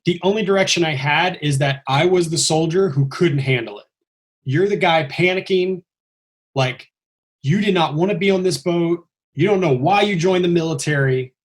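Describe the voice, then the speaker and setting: A man casually telling a long story on a podcast, acting out the lines he quotes. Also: on the high side. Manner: animated, acts out quoted lines with a raised voice. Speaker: stuntman telling his story.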